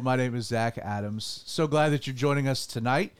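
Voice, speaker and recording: A man's voice: mid-range voice, normal speed, clear, resonant tone. A man, a pastor hosting a casual studio podcast, joking and rambling with restarts.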